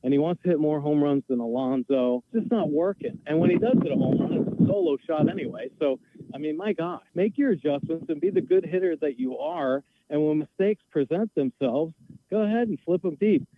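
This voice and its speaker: Ranting male caller, a bit high-pitched, on a thin phone line. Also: animated, fairly quick. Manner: exasperated, emphatic, ranting. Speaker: call-in guest. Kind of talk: heated sports opinion rant.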